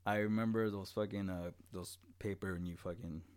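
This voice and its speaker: Very deep-voiced young man, swearing a lot. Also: fairly even intonation, fairly quick. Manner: profane, laughing storyteller. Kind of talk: casual chat.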